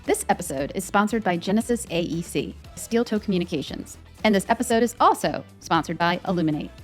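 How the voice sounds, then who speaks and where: A woman's voice: fairly low pitch, animated, a little fast, soft background music. A woman hosting a podcast interview, earnest and upbeat, laughing easily with her guest. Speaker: podcast host. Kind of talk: conversational interview.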